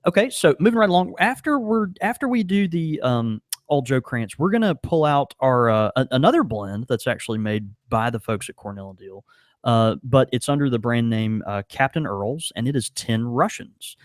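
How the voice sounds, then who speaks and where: A man's voice: medium pitch, moderate pace, dry recording, clean studio sound. A man co-hosting a podcast in casual chat, rambling with lots of fillers. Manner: rambling, many fillers, animated. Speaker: podcast co-host.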